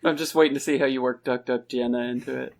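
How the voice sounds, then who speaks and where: A man's voice: medium pitch, steady tone, fast talker, vocal fry. A man co-hosting a podcast, chatting in an easygoing way and laughing readily. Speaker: podcast co-host. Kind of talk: casual chat.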